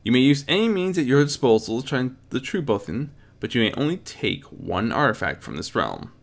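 A man doing a soft-spoken cloaked stallion guide. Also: mid-range voice, sing-song, a little fast, gravelly, voice pushed up. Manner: soft, gentle.

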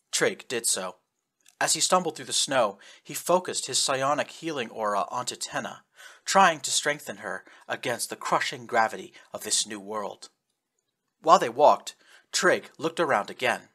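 Man reading a sci-fi audiobook, lively pitch, husky, steady. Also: normal speed. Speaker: audiobook narrator. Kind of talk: scripted narration.

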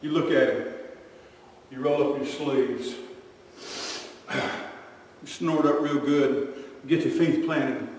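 Animated preacher echoing in a hall. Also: male voice, mid-range voice, slow, long pauses. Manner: animated storytelling with acted-out voices. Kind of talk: sermon. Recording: echoey hall from far off.

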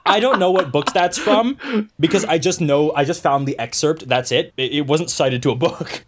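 A man co-hosting a podcast in casual chat, upbeat and quick to joke. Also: a little high. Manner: laughs often, upbeat and joking. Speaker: podcast co-host.

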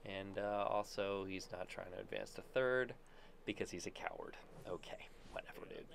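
A man with a fairly low voice calls his own baseball video game as he plays, keeping up a running commentary. He is excitable and jokey, throwing out playful trash talk between plays. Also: moderate pace, gravelly, slight background noise. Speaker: gaming YouTuber. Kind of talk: live gameplay commentary.

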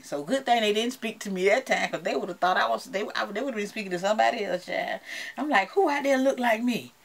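A woman's voice: mid-range voice, vocal fry. Woman vlogger, Southern accent, chatty and playful, talks straight to her viewers. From United States. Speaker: beauty vlogger. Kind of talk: casual chat to camera.

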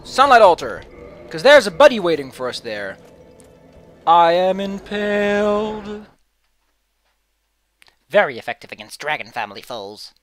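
Animated, goofy let's play commentator. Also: mid-range voice, fairly quick. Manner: animated, goofy, jumps between loud and mumbling. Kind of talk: joking gameplay commentary.

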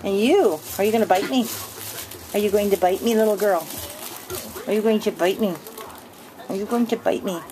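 A woman chats casually at an average pitch while filming puppies at home, often sliding into high, sing-song baby talk. She sounds close to a small handheld camera's built-in mic. The recording carries clear background noise throughout. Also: moderate pace, long pauses. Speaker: dog breeder. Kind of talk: casual home video narration. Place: indoor room at home with puppies. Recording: noisy home camcorder recording.

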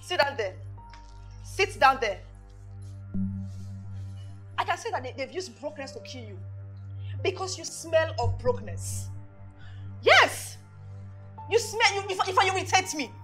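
An actress playing a loud, boastful young woman who mocks and shouts at her broke friend, with a Nigerian accent. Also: high-pitched, big pitch swings, unhurried, pauses often, faint music behind, full character voice. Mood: scornful. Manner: shouting, mocking, laughing scornfully. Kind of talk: Nollywood film acting.

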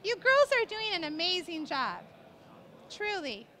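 A woman's voice: very high voice, big pitch swings, a little slow. A middle-aged woman, a portrait photographer, teaching live on a stage at a trade show, cooing at a baby and coaching the family as she shoots. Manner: directing the family, warm and encouraging.

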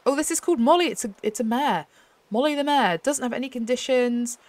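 A young woman host chatting excitedly as she plays a game, often laughing. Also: a little high, brisk, no echo. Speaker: gaming channel host. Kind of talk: casual gameplay commentary.

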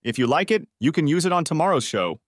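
A man's voice: a little high, very animated, fast talker, no room sound, clean studio sound, pitched above the performer's own voice. A man narrating an audiobook, voicing an upbeat, scheming young woman in a raised, coaxing voice. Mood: excited.

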